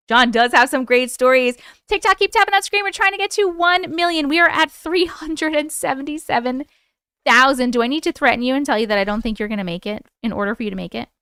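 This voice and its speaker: A woman with a New York accent hosts a livestream, reading viewer stories and chatting loosely with her audience. She swears freely and laughs a lot, in a fairly high, smooth voice recorded dry and close. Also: moderate pace, pushed and bright, dry recording. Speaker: livestream host.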